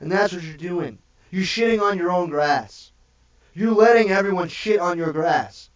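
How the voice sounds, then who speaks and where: A man delivers a heated, preachy rant on a live stream, swearing freely and tagging nearly every point with "okay?". His voice sits fairly high for a man. It comes across dull and muffled, picked up from a little way off the mic. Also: measured pace, far from the mic. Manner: preachy and profane, repeating "okay?" after each point. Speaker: livestream host. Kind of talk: impassioned livestream rant.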